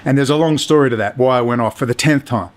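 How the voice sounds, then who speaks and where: A man's voice: medium pitch, quick pace. Man ranting to camera, swearing hard. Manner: heated, ranting, heavy swearing. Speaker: video blogger. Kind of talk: angry profane monologue to camera. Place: apartment indoors.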